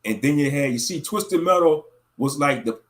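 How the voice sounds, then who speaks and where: Brief: male streamer, heated and slangy, high-pitched with a lively, swooping delivery. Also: normal speed. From Louisiana, USA. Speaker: livestream host. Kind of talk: casual ranting commentary.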